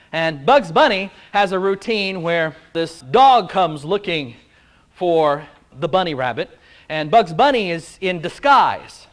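A man with a high voice delivers a sermon in a loose, conversational way. He keeps it playful and throws questions out to the people in front of him. He sounds like a pastor speaking to a congregation in a church. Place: church before a live congregation.

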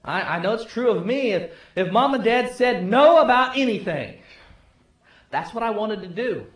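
A male pastor preaching a sermon, telling the story with swings from loud to hushed. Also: sits high, animated, normal speed, roomy sound.

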